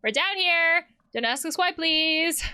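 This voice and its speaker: A woman's voice: very high voice, animated, unhurried, pushed and bright. A woman playing a game, reading the characters' lines aloud and adding her own comments. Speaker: let's play host.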